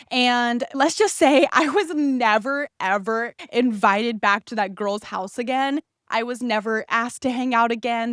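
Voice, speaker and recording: A young woman hosting a podcast, telling a story in a casual, animated way, swearing freely and acting out the people she quotes. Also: a little high, no room sound, studio quality. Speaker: podcast host.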